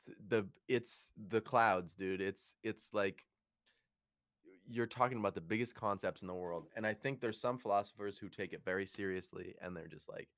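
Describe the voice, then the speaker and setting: Male podcast co-host, relaxed slangy delivery, deeper voice, dry studio sound. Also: normal speed, dry recording. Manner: laid-back, says "dude" and "like" a lot. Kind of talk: casual chat.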